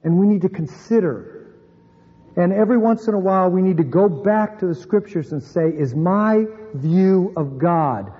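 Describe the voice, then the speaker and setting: High-pitched pastor guy preaching, earnest, dips low to stress points, muffled churchy echo. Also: mellow, slightly rough. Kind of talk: sermon. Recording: muffled sermon recording with long reverb.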